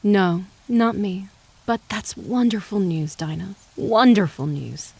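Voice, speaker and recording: A woman voicing a kindly older male frontier preacher, speaking with a slow, solemn cadence. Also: medium pitch, animated, creaky, darkish tone, breathy edge, exaggerated voice.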